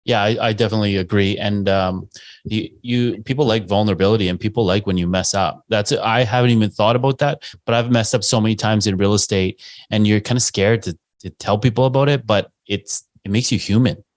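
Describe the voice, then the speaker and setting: A man's voice: fairly low pitch, steady tone, fairly quick, no room sound. A man hosting a podcast, agreeing with his guest and asking follow-up questions. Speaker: podcast host. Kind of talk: casual podcast interview.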